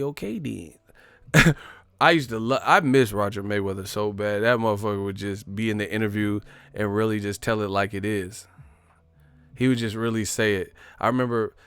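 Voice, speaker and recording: Man, casual boxing talk, animated storyteller, dry close sound. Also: lowish voice, clear, resonant tone, dry recording. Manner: animated storytelling, acts out quotes, laughs often. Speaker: boxing commentary host.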